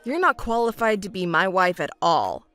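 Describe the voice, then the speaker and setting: A woman's voice: medium pitch, sing-song, moderate pace, fairly bright tone, faint music behind, pitched below the performer's own voice. A woman voicing an arrogant young fiancé who talks down to his partner in a scolding, condescending way. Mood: scornful. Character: arrogant self-important young man, fiancé. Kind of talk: texting story voice acting.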